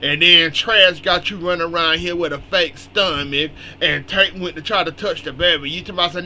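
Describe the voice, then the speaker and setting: Blunt man recapping a soap, bright voice. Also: fairly high pitch, fairly even intonation, normal speed, few pauses, a little hiss or hum. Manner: blunt, scolding talk straight at the characters. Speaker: soap opera recap host. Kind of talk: casual spoken commentary.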